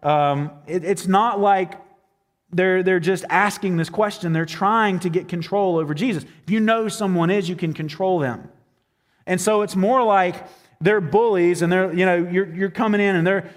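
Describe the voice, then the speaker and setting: Male pastor, higher-pitched, conversational sermon delivery, long hall reverb. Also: normal speed. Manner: conversational preaching with fillers and acted-out quotes.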